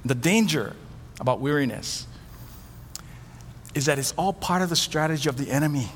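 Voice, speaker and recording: A man's voice: on the high side, animated, normal speed, in a large hall, a little hiss or hum. A middle-aged man preaching a sermon as pastor, telling stories with animation and acting out the voices of the people he quotes.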